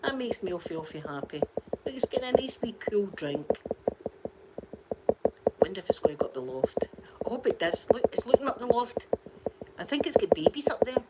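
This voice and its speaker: Very animated and brisk but pausing often, a Scottish woman with a medium-pitched voice vlogs from home next to a window, telling rambling tales and laughing frequently. The recording is very noisy.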